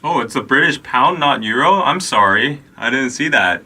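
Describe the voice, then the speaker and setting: A young man hosting a casual livestream podcast chat, upbeat and quick to laugh, stretching out excited shout-outs. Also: mid-range voice, slightly rough, recorded from a distance. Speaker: podcast host.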